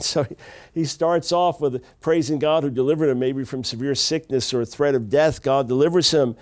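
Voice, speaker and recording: A middle-aged man teaching the Bible to camera in an animated, emphatic way, repeating key phrases. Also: medium pitch, normal speed.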